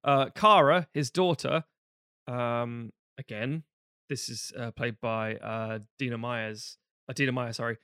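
A man co-hosting a film podcast in casual chat, reading out a synopsis with quick asides and casual swearing. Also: mid-range voice, fairly even intonation, pushed and bright, clean tone, dry recording, studio quality. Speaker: podcast co-host.

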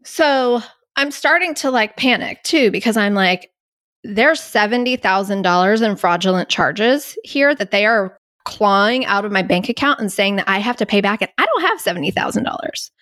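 A woman's voice: medium pitch, lively intonation, normal speed, fairly bright tone, no room sound, clean studio sound. A woman hosting a podcast, telling a story in an anxious, incredulous way and laughing at herself now and then. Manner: anxious, incredulous retelling with self-mocking laughs. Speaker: podcast host. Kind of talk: candid storytelling monologue.

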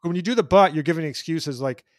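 A man's voice: a little high, fast. A man speaking as a guest in a casual chat, earnest and emphatic, often repeating words as he starts a thought.

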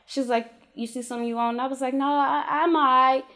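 A woman with a notably high voice recounts her faith testimony in a relaxed interview. She talks colloquially and emphatically, acting out the voices in her conversations. Her delivery climbs into lively exclamations. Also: brisk. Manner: animated storyteller who acts out dialogue with God and her kids.

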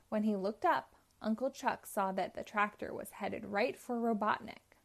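A woman reading a children's chapter book aloud in a slow, clear, expressive way. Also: mid-range voice. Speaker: storyteller.

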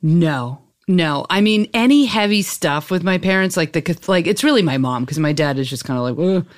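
Lady comic guest, low-ish voice, chatty and all over the place with her stories. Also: moderate pace. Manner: animated rambling storyteller, many fillers. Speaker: comedian guest. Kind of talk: casual interview chat.

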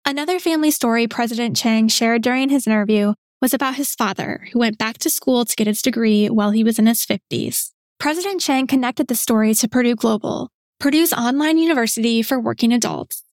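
A woman podcast host giving a scripted narration in an even, explanatory way. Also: fairly high pitch, fairly quick, few pauses, no echo, clean studio sound.

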